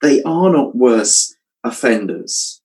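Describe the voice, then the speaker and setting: A man preaching a sermon, thoughtful and measured, dropping his voice quietly when quoting scripture. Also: medium pitch, lively intonation, low-quality recording. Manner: reflective, drops to a hush on quoted scripture.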